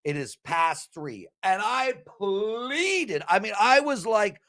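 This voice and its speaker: A slightly high-voiced man who talks slowly but turns animated and pleading as he pitches his betting picks. He swings from loud bursts down to low mutters. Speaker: sports betting handicapper. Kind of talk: sales pitch in casual chat.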